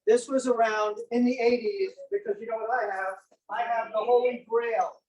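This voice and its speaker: A man's voice: extremely high pitch, normal speed, darkish tone, distant mic, highs cut off. A man giving a playful, jokey show-and-tell presentation on old inventions to an audience. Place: senior center room.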